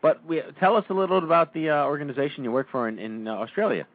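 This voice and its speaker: Playful radio host, tinny dry sound. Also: male voice, fairly high pitch, animated, rapid-fire, dry recording. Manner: playful, teasing banter. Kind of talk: casual chat. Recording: tinny, dry phone-like audio.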